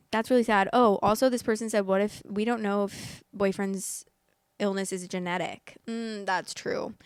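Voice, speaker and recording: Young female vlogger, talkative and self-amused, clear voice in a dead-quiet room. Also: medium pitch, no echo, studio quality. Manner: rambling, chatty, laughs at own jokes. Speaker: host. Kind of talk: casual chat reading and reacting.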